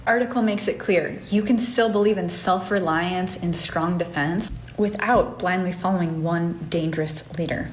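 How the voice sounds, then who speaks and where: A woman giving a measured, explanatory narration that summarizes a news article. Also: lowish voice, a little hiss or hum. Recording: roomy echo with faint ambience.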